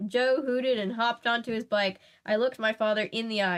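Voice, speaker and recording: A woman reading a book aloud in a relaxed way, dropping wry chatty asides. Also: medium pitch, moderate pace, few pauses, clean tone. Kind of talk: read-aloud with casual asides.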